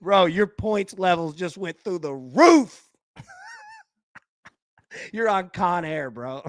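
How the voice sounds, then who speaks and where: A man hosting a live betting stream, talking in a fairly high voice into a dry, close microphone. He keeps things loose and jokey, laughing often between his picks and his film talk. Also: big pitch swings, extremely slow, dry recording. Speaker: sports betting show host. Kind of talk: casual live-stream chat.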